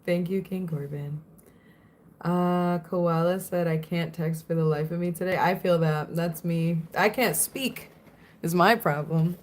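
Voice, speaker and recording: A woman's voice: on the low side, fairly even intonation, a little slow. A young woman from Florida chatting casually on a livestream, giggling often and answering viewers' comments.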